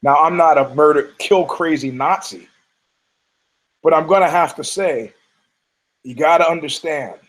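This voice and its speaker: A man's voice: a little high, a little slow, pauses often, fairly bright tone, poor audio. A man from Detroit hosting a podcast, riffing in a rambling, profane way with laughing asides and frequent restarts. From Detroit, United States. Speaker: podcast host. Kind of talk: rambling casual commentary.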